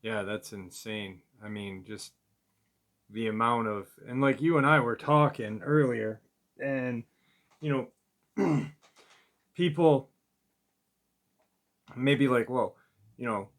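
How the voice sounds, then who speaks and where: Soft-spoken, halting male interviewer. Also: medium pitch. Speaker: podcast host, interviewer. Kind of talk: casual interview chat.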